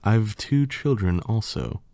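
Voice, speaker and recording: A man's voice: fairly low pitch, animated, slow, creaky, mellow, dry recording, studio quality, heavily acted. Man reading as a begging little mouse. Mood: pleading. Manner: polite, begging, old-fashioned. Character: hungry, pleading little male mouse.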